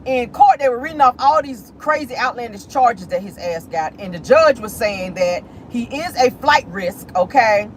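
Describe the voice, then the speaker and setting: A woman giving sassy, animated celebrity gossip commentary while driving in her car. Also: fairly high pitch, normal speed, hardly any pauses, slight background noise, rough recording. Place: in a car, driving near an airport.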